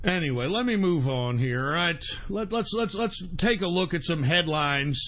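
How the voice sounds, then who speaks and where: Man, talk radio host, profane combative rant, high voice, dull lo-fi recording. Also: animated, normal speed. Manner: profane, combative, swings between shouting and grumbling. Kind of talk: ranting talk radio monologue. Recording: dull lo-fi sound.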